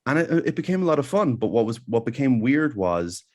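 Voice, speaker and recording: A young Irish man, a comedian guest, telling animated anecdotes in a casual podcast chat. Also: mid-range voice, fairly quick. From Ireland.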